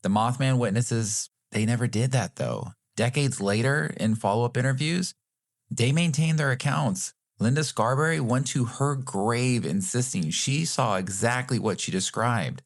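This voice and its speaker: A man's voice: mid-range voice, measured pace. Joking male podcast co-host. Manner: joking, self-deprecating. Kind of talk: casual conversational podcast.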